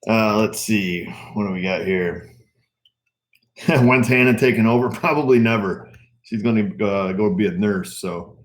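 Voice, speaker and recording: A middle-aged man with a notably low, deep voice talks to his viewers in a loose, unhurried live stream. He rambles in a relaxed way and leans on plenty of fillers as he goes. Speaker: auto repair channel host. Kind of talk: casual live stream chat.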